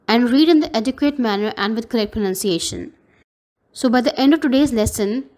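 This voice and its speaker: A woman's voice: on the high side, darkish tone. Careful Pakistani woman teaching English. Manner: slow, careful teacher's delivery spelling out pronunciations. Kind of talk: recorded classroom lesson.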